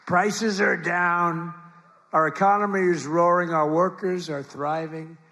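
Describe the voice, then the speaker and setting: A man's voice: high-pitched, fairly even intonation, measured pace, sharp tone. An older man giving a rambling, repetitive campaign rally speech from a podium microphone in a large event hall, with the audience heard around him. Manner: rambling, repetitive, boastful asides. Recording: live rally with crowd noise. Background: crowd and ambient noise.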